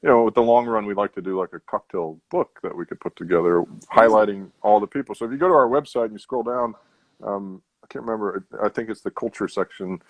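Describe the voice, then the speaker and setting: A man's voice: lowish voice, quick pace, dry recording, rough recording. A man, a tequila brand founder, chatting as a podcast guest in an easygoing, rambling way. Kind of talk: casual podcast chat.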